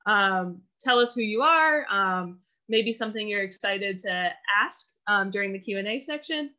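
Bright bubbly woman organizer, lots of ums, muffled zoom audio. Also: medium pitch, lively intonation, normal speed. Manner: bubbly, with many "um"s. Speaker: event organizer. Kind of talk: casual video-call announcements. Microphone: video call. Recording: dull lo-fi video-call audio.

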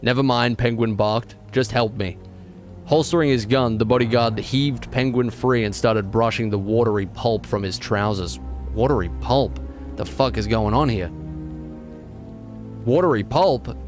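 Guy streaming a game, reads the text out loud, keeps stumbling and ranting, swears a lot, mid-pitched voice, bit of music quietly behind. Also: steady tone, normal speed. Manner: reads passages aloud, stumbling on words. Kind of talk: livestream gameplay, reading game text aloud.

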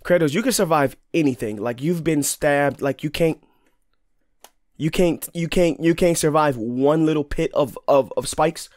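A young man commentating his own gameplay, excitable and profane, trash-talking enemies and shouting at the screen. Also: on the high side, unhurried. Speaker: gaming channel host. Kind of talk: let's play commentary. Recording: game music clearly behind the voice.

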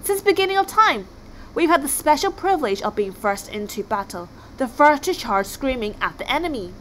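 A wild young berserker who relishes the thought of battle, voiced by a woman. He talks loud and gleeful, leaping high in pitch. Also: animated, fairly quick, slight background noise, low-quality recording. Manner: gleeful and shouting. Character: unhinged battle-hungry young male Viking.

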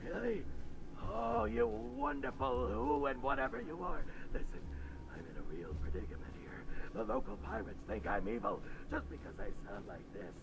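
A man's voice: mid-range voice, sing-song, moderate pace, background noise. An actor playing an anxious, cave-dwelling male sorcerer whose voice sounds evil, jittery and pleading. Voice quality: gravelly, sinister-sounding. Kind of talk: video game voice acting.

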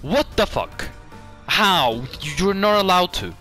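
A man hosting a gaming channel, giving excitable, jokey gameplay commentary full of swearing and sudden outbursts. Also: high voice, measured pace, faint music behind.

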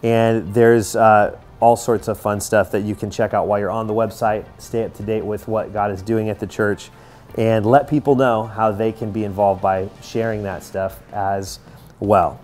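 A man's voice: fairly low pitch, fairly even intonation, moderate pace, a little mellow, faint music behind. A man leading a church's announcements in an upbeat, encouraging way before introducing a guest preacher. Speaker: church leader giving announcements.

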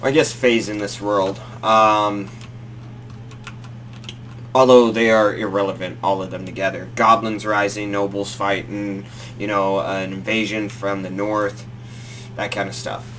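A man's voice: fairly low pitch, flat delivery, a little slow, a bit bright, slight background noise. A man playing and commenting on a strategy game, easygoing and rambling. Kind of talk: gameplay commentary.

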